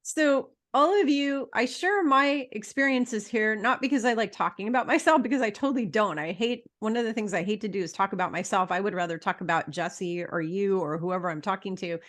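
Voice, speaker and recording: Her voice is mid-range with a fairly bright tone. This middle-aged podcast host runs a laid-back interview show, lecturing listeners in a blunt, emphatic way and cursing without restraint.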